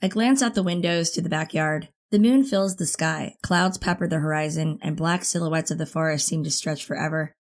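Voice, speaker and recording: A woman narrating a first-person teen thriller audiobook in an expressive, intimate way. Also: low voice, moderate pace, hardly any pauses.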